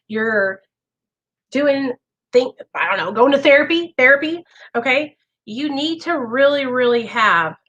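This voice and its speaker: A woman speaks straight to her viewers with a bright, forceful tone and a slightly high voice. She coaches in a chatty, earnest way, sprinkling in "like" and checking in with "okay?" as she goes. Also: poor audio. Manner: chatty, with many "like" fillers. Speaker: vlogger sharing recovery advice. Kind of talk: casual advice talk to camera.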